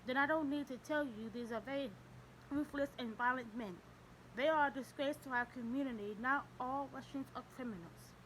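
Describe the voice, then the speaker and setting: Stern old russian priest guy, clipped and formal, kinda high voice, woman reading him. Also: normal speed, a bit bright, slight background noise, rough recording. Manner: terse, formal, ignores questions.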